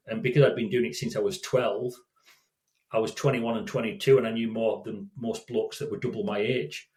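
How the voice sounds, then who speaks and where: A man in his sixties, a safety consultant, telling stories as an interview guest in a rambling way, restarting and repeating words. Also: lowish voice. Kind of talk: storytelling in casual interview. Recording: echoey room.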